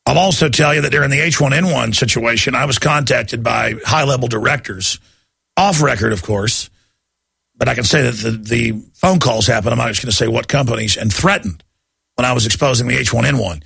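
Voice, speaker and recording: A man's voice: medium pitch, a little fast, vocal fry, bright, forceful tone, slightly rough, no room sound. A man hosting a talk radio show, delivering an urgent, pleading monologue.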